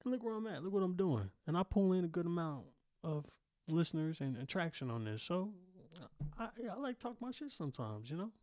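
Young guy ranting solo on his podcast, cocky and cussing a lot, kinda high voice, dead dry mic. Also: fairly quick, dry recording. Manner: boastful, profane, animated. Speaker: podcast host. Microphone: single studio microphone.

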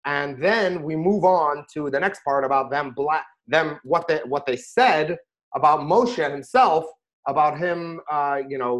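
A middle-aged man, a rabbi, chatting casually about scripture and telling stories with lively bursts when he quotes himself. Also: a little high, moderate pace. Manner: animated storyteller, rises sharply when quoting himself. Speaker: rabbi and podcast host. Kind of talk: casual Torah discussion and storytelling.

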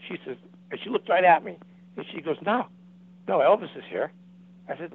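A man's voice: fairly high pitch, lively intonation, brisk, creaky, long pauses, breathy edge, no room sound. Older man telling a story over a phone line. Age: 70s. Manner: rambling, repeats and restarts, acts out quotes. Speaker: guest. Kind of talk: casual storytelling. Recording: dry tinny phone-like line.

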